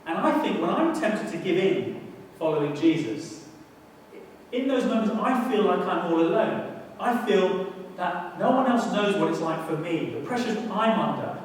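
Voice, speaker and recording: A man preaching in a high voice. His delivery is animated and conversational, and he raises it to loud bursts for emphasis. The voice booms around a big reverberant hall, picked up from well back from the mic. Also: normal speed, slight background noise. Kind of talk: sermon. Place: church hall. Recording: echoey hall, mic at a distance.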